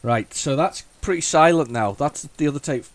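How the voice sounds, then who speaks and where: A fairly high-pitched man hosts a retro computing video at normal speed, with no room sound on the recording. His running commentary is casual and rambling, full of restarts, thinking aloud and wry jokes at his own expense.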